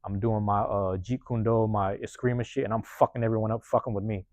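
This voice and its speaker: A man hosting a podcast, telling a personal story in a rapid, profane, casual way and acting out the lines of the people in it. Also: on the low side, no echo. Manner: profane, rapid, animated retelling with acted-out quotes. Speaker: podcast host.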